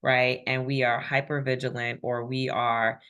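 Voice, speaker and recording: A woman's voice: very deep voice, little pitch movement, measured pace, fairly bright tone. A woman facilitating a spiritual group call, affirming members and reading chat comments aloud.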